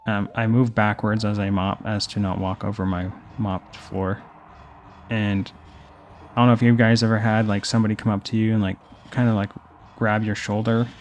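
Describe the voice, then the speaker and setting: A young adult man casually commenting on a video game while telling rambling personal stories, with game music underneath. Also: fairly low pitch. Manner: rambling storytelling while playing. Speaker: gaming host. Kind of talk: casual let's play commentary.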